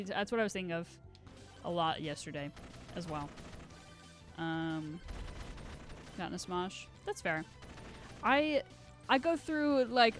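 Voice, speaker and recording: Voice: medium pitch, a bit bright. Rambling, giggly live streamer. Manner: rambling, self-deprecating, giggly asides. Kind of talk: casual gaming stream chat.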